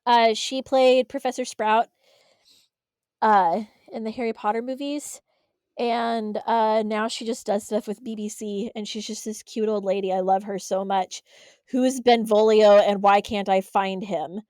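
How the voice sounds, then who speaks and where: A young woman co-hosting a podcast, chatting casually in a blunt, sarcastic way and retelling scenes with animated voices. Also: medium pitch, unhurried, clean tone, no echo. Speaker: podcast co-host. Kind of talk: casual chat.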